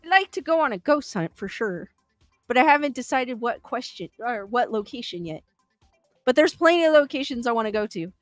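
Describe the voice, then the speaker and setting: A Southern California woman hosts a livestream, casually reading and answering viewer chat questions while thinking aloud with fillers and laughs. Her voice sits on the high side with lively intonation and a slightly fast pace. The studio-quality recording has no echo and soft background music.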